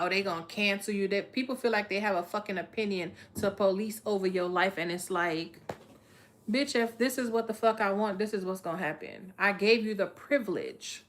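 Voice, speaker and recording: A woman at a middle pitch does a live tarot reading. Blunt and profane, she addresses viewers in a streetwise, no-nonsense way.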